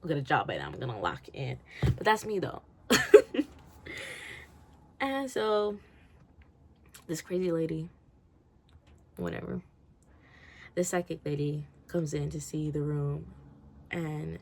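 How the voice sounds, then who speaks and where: A woman's voice: low-pitched, big pitch swings, slow, gravelly, pauses often, husky. A woman giving a casual, rambling rant review, swearing freely and laughing often. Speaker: book reviewer.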